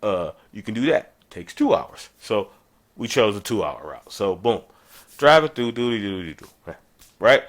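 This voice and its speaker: Animated male podcast host telling stories. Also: a little slow. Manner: animated, conversational, jumps in pitch for emphasis. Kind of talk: casual storytelling.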